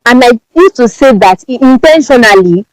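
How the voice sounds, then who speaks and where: A Nigerian branding strategist from Ibadan, with a strong Yoruba accent, appears as a guest in a podcast interview. She talks at normal speed in a fairly high, very animated voice whose pitch leaps up and down, speaking emphatically and often repeating words. The recording is dry, with no room echo.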